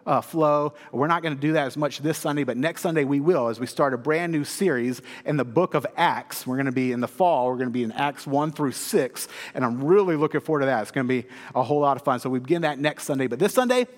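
A male pastor giving a sermon in a church, telling stories with lively humor. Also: medium pitch, fast, few pauses. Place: church sanctuary. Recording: long hall reverb.

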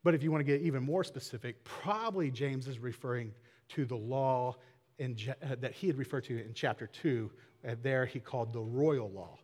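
A man's voice: medium pitch, normal speed, darkish tone. A man preaching a casual, conversational sermon, asking rhetorical questions with small laughs. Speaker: pastor. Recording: long hall reverb.

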